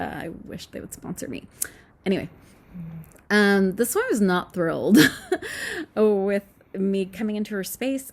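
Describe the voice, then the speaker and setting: Snarky woman with a gravelly edge. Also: on the low side. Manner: snarky, candid, laughs often. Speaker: podcast host. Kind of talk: casual storytelling monologue.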